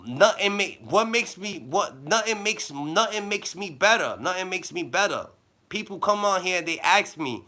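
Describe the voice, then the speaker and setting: A man giving rambling motivational advice in loose slang, with a habitual "da, da, da" filler, dropping low and then bursting louder. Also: animated, moderate pace. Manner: loose slang-heavy talk with a repeated "da, da, da" filler; swings between low mumbling and loud bursts. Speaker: vlogger giving life advice.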